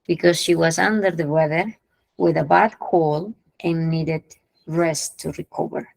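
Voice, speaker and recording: A woman runs an English lesson, moving between English and as she explains idioms. Her voice sits fairly low with a gravelly edge, and the sound is dry and close. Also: steady tone, slow, long pauses, no room sound, poor audio. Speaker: English teacher.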